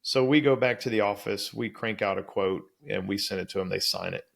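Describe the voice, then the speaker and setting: Gravelly man telling a story. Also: fairly low pitch, a little fast. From Louisiana, USA. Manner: lively storyteller acting out quoted dialogue. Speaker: guest. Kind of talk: storytelling in a podcast interview.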